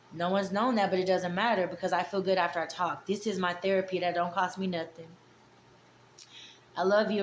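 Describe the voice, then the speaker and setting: A woman in her forties speaks openly and affectionately to her viewers, rambling from one thought to the next at a mid pitch. The recording sounds roomy and echoey, with a faint background hum. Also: a bit bright. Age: 40s. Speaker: vlogger. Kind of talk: casual heartfelt vlog monologue.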